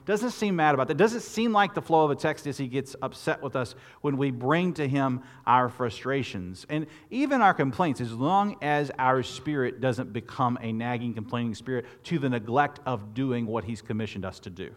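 A man preaching a sermon, lively and expressive, often repeating words and restarting phrases as he talks. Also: moderate pace, hardly any pauses. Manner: expressive preaching, rising loud and high when quoting Moses. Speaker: pastor.

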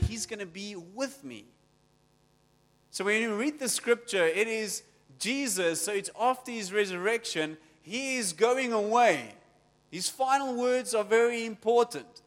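A man preaching a sermon as pastor, energetic and story-driven, with frequent restarts. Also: sits high, big-room sound.

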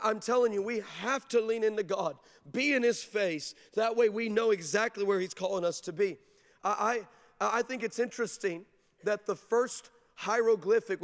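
A high-voiced man preaches energetically to a church congregation, driving his points home with emphatic repetition. His voice echoes through a large hall with a long reverb. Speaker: pastor. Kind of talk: sermon.

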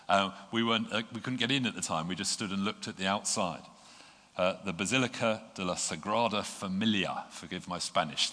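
A man preaching a sermon, earnest and gentle, pausing with small fillers. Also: lowish voice. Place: church. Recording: long reverb of a church hall.

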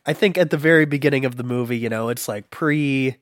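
Man spinning a silly made-up plot. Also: mid-range voice. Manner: spins long silly made-up plots, puts on quick voices. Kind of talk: casual comedic chat.

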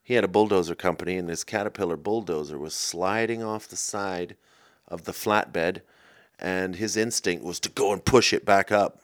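A man hosting a comedy podcast, rambling excitably from one silly tangent to the next. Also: low-pitched, normal speed. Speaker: podcast host. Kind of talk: rambling comic chat.

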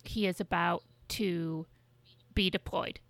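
A woman's voice: on the low side, steady tone, takes it slowly, gravelly, a bit bright, no room sound. A woman co-hosting a podcast in casual chat, talking loosely with plenty of swearing and filler words. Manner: chatty, frequent swearing and hedging fillers. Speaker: podcast co-host.

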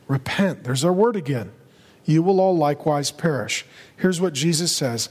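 A male pastor preaching a sermon with urgency, driving home his points and rising to loud, emphatic peaks. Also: fairly high pitch, lively intonation, moderate pace. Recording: long reverb of a large hall.

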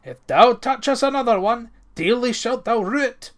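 Storybook hero, young, fearless, stern, man doing it pitched up and punchy. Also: lively intonation, moderate pace, bright, forceful tone. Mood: angry. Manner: old-fashioned thee-and-thou speech, stern. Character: bold hot-tempered young Highland lad.

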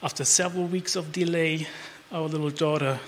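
A man from Germany with a German accent, a guest talking in a casual chat, with halting, restarting storytelling. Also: on the high side, steady tone, long reverb tail, a little hiss or hum.

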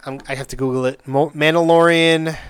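A man hosting a solo podcast, gushing excitedly, cursing freely and stumbling over restarts. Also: a little high, a little fast, clear, resonant tone, no echo. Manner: excitable, gushing, swears a lot, stammers and restarts. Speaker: podcast host.

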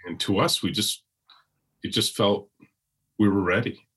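A hoarse middle-aged man with a deep, husky voice answers interview questions. He rambles reflectively, restarting sentences and leaning on fillers as he thinks aloud. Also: steady tone, measured pace, fairly bright tone. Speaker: interview guest.

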